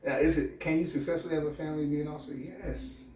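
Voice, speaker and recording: A man's voice: fairly high pitch, fairly even intonation, fast talker, mellow, reverberant, recorded from a distance, slight background noise. A man who works as a sheriff's deputy and academy instructor, talking candidly and reflectively in a podcast interview with many restarts.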